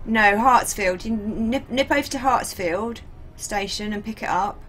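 A woman's voice: on the high side, unhurried, a bit bright, faint music behind. A woman streaming a game, chatting casually and laughing often. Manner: chatty, laughs often, reads chat aloud. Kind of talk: casual live-stream chat.

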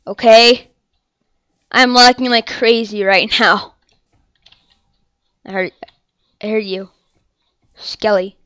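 A woman's voice: fairly high pitch, fairly even intonation, slow, long pauses, clear, resonant tone, dry recording. A young woman commentating her own game, rambling and apologetic, and crying out in frustration when she loses. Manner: upset, cries out and shouts after dying. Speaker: gameplay channel host. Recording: dull lo-fi mic sound.

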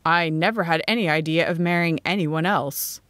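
A woman's voice: moderate pace, dry recording, close to an everyday voice. A woman voicing an eager, earnest young man in an audiobook. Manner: steady, low-pitched storybook dialogue.

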